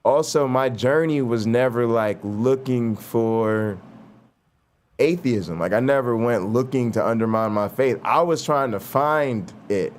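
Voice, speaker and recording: A man talking casually as a host, telling stories with lots of "like" and "you know". His voice sits at a middle pitch and swings up and down with energy. Faint noise hums under the recording. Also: unhurried. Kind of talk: casual conversation.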